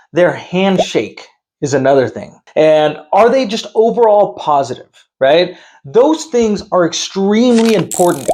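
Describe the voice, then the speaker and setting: A man's voice: on the high side, darkish tone. A man who hires sales reps, giving direct, conversational advice and tagging his points with "right?" and "okay?". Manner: direct, firm. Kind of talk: advice talk to camera.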